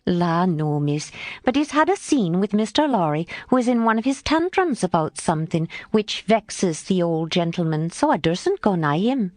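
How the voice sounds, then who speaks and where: A humble, fretful young housemaid from a classic storybook, as a woman narrator puts her on. She talks in rustic country speech, a little higher than the narration, with a lively, close and dry sound. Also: normal speed, no room sound.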